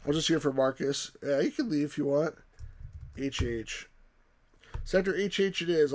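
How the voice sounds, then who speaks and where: A man's voice: medium pitch, lively intonation, moderate pace, creaky, pauses often, a little mellow, a little hiss or hum. A man hosting a let's play, rambling casually as he reads game text and chat aloud.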